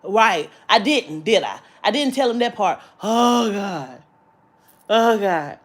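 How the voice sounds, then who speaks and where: A woman's voice: medium pitch, expressive, takes it slowly. A woman vlogger telling a story in a heated, profane rant that breaks into laughter.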